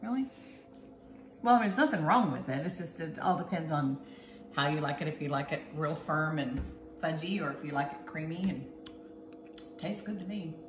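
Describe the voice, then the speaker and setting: Low-voiced woman host in a kitchen. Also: animated, moderate pace, pauses often. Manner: chatty and a bit bossy, giving step-by-step instructions. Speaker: cooking show host. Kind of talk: casual cooking demo chat. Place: home kitchen. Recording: echoey kitchen with clear background noise.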